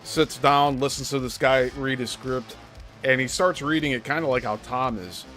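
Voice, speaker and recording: A man's voice: medium pitch, fairly even intonation, moderate pace, a bit bright, faint music behind. A man hosting a show, giving critical, explanatory commentary on a script. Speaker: host.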